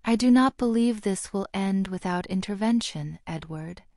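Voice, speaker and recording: A grave old headmaster wizard, as a woman reads him, courteous and measured with a cool edge. The tone is warm and mellow, recorded close and dry. This is a storybook reading. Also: medium pitch, no echo, natural voice. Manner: courteous, turning cold.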